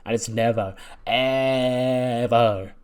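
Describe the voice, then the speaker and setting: Man doing a sneering wrestling mentor, loud and raised a bit in pitch, in his own easy voice. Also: fairly even intonation, drawn-out words, clean tone. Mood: angry. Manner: scornful, lecturing. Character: smug arrogant male wrestling teacher.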